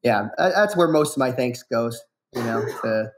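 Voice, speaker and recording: A man in his thirties, a fighter guest on a podcast, talking in a relaxed, rambling way full of fillers and restarts. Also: medium pitch, normal speed, noisy background. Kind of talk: casual podcast interview.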